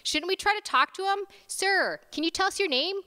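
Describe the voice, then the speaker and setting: A woman reading as a nervous young resident just coming on shift, his voice jumping high as he defends himself. The voice is bright and echoes around a big hall. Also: moderate pace, heavily acted. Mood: flustered. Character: young flustered hospital resident, nervous man. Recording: reverberant lecture hall.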